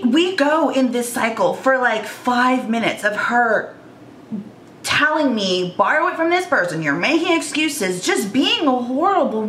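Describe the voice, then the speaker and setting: A woman's voice: high-pitched, a bit bright, roomy sound, slight background noise. A woman in her thirties telling an earnest, emotional storytime vlog about her own experience. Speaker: vlogger.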